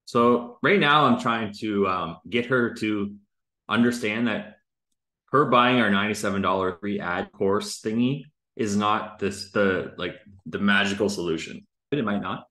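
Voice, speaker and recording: A man's voice: lowish voice, a little slow, bright, forceful tone, roomy sound. A man reviewing a recorded sales call in casual commentary, loose and chatty, full of filler words and the odd swear.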